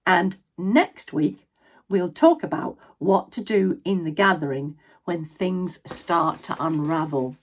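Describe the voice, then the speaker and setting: A woman in her sixties, an ADHD and education coach and former drama teacher, giving parents practical advice in an expressive instructional talk. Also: fairly low pitch, slow pace. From Scotland. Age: 60s.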